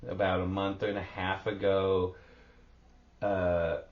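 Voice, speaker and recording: Co-hosting a podcast, a middle-aged man with a deep voice and slow pace tells a story in casual chat. He's animated, swears a lot, and acts out sounds, and the recording is roomy with a dull lo-fi quality.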